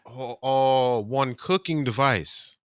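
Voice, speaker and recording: A man in casual podcast chat, easygoing and quick with his answers. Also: mid-range voice, no room sound, clean studio sound, faint music behind.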